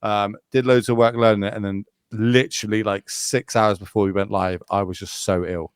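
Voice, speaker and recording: A Magic tournament caster, appearing as a podcast guest, tells rapid, rambling stories in a casual style peppered with swearing. His voice is on the low side, with a flat delivery and clean tone, recorded dry at studio quality.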